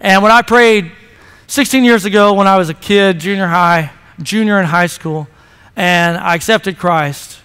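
High-voiced pastor in an echoing sanctuary. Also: male voice, unhurried, pushed and bright, clean tone. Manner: chatty, playful, repeats words when starting sentences. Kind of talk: sermon. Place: church sanctuary. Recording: long hall reverb.

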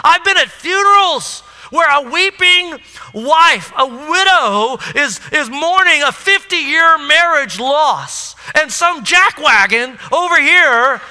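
A man preaching a sermon, telling a story in an animated way and asking the congregation questions. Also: very high-pitched, takes it slowly. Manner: animated storytelling, addresses the crowd. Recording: echoey hall.

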